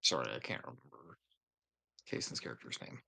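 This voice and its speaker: A man's voice: extremely low pitch, expressive, a little fast, vocal fry, pushed and bright, slightly rough, no echo. A young man playing a tabletop game, speaking in a hesitant, stumbling way. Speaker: player. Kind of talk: casual tabletop play.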